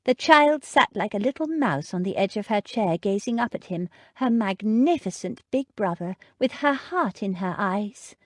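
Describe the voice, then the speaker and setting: Woman reading an audiobook, expressive and measured, super dry close sound. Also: medium pitch, dry recording. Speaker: audiobook narrator. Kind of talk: scripted narration.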